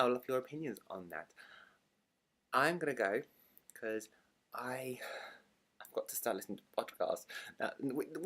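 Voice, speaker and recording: A young British man chatting excitedly in a casual book vlog, gushing and rambling. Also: fairly low pitch. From Britain. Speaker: book vlogger.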